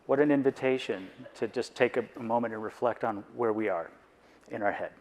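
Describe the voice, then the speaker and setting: A man's voice: mid-range voice, a little fast, a little mellow, a little hiss or hum. A man on a conference board giving a reflective, personal talk, earnest and full of rhetorical questions.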